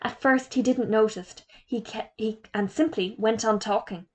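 A woman with a slightly high voice reads a children's storybook aloud. She moves easily between calm narration and raised, lively character dialogue. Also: moderate pace.

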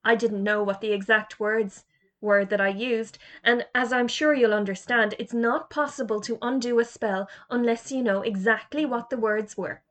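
A woman's voice: fairly high pitch, steady tone, normal speed, fairly bright tone, close to an everyday voice. A woman reading aloud, voicing a kindly, patient male schoolteacher who is a magician. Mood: earnest. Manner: patient, mildly fretful.

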